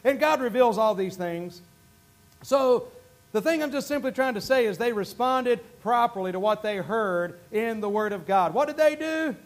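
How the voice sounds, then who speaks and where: A man preaching a sermon, swinging from quiet asides to shouted bursts of praise. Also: extremely high pitch, lively intonation, moderate pace. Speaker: pastor.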